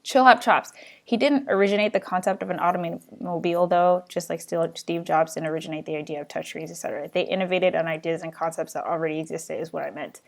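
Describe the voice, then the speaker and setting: A woman's voice: fairly low pitch, fairly even intonation, quick pace, vocal fry. A young adult woman hosting her own live show, chatting casually and rambling as she answers viewer questions. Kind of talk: casual live-stream chat.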